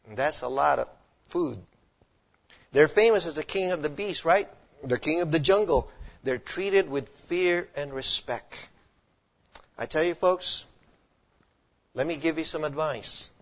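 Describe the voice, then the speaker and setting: A male pastor preaching a sermon emphatically, often quizzing his listeners with questions. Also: on the high side. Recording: dull lo-fi recording.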